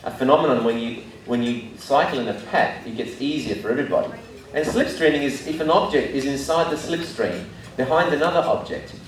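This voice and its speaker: Speaking at medium pitch over slight background noise, a middle-aged Aussie host addresses a seated breakfast crowd in a live room talk. He's heard from afar in a very echoey hall with faint ambience, chatting casually, doing quoted voices in his jokes, and frequently starting sentences over.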